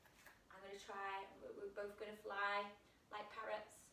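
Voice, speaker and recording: A woman's voice: medium pitch, monotone, normal speed, sharp tone, a little hiss or hum. A woman guiding a children's yoga class, playful and encouraging, heard from a distance in a roomy space. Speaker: kids yoga instructor.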